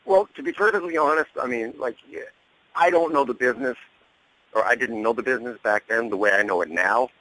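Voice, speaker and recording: A middle-aged man telling a lively backstage story as a radio guest, acting out the people in it and laughing often. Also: mid-range voice, fairly quick, no echo, poor audio. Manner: animated storyteller, laughs often, acts out quotes. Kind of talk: casual anecdote over a radio show.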